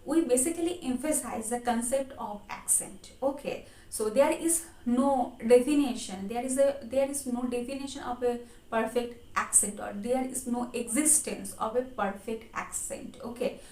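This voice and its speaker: A woman's voice: fairly high pitch, moderate pace, a little mellow. A woman from India with an Indian accent, giving an earnest motivational English lesson and often adding "okay" and "my dear friends". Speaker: English-speaking coach. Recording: echoey room with faint ambience.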